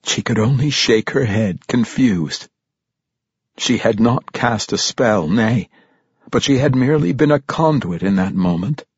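Slow, husky male audiobook narrator. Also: mid-range voice, animated, no echo, muffled recording. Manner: measured, dramatic storytelling. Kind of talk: scripted fantasy audiobook narration.

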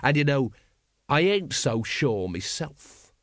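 A hard-bitten middle-aged watch captain, as a male reader puts him on, talking low and unhurried with dry, quiet menace. The storybook voice sits close and dry on the mic, with almost no room around it. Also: sing-song, no room sound. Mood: quietly menacing. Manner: soft, slow, menacing delivery. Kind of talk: audiobook character voice.

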